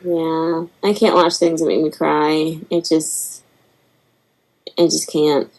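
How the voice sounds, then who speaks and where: A woman's voice: sits low, slow, poor audio. A woman guest on a podcast, chatting casually and acting out the voices in her stories. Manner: animated storyteller, acts out quotes and barking. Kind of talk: casual chat.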